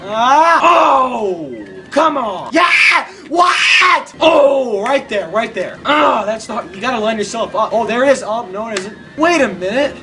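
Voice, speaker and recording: High, bright-voiced excitable male gamer. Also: normal speed, hardly any pauses. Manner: excitable, yelps and shouts at failures. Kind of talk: gameplay commentary.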